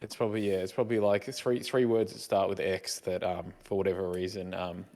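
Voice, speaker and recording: Middle-aged male co-host, somewhat low voice, rambles and trips over his words, jokes around. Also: flat delivery, a little fast, a little mellow. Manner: rambling, stammering restarts, joking. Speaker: podcast co-host. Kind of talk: casual chat.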